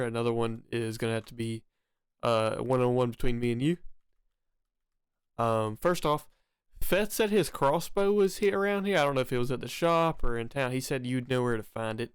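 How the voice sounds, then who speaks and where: Smooth-voiced easygoing man, dry sound. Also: mid-range voice, normal speed, no room sound. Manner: polite, easygoing, in character. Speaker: player. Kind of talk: playing a tabletop game.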